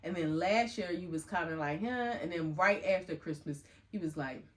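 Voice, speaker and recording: A middle-aged woman co-hosting a relaxed podcast chat. Her voice sits a little low, and she tells stories with animation. She acts out quoted lines with a lift in her voice. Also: moderate pace. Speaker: podcast co-host. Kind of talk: casual chat.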